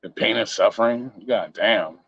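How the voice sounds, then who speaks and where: A man's voice: fairly low pitch, moderate pace, vocal fry, a bit bright, no echo. A man hosting a casual live-stream chat, joking and swearing in a laid-back way. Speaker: show host. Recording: dry, dull lo-fi sound.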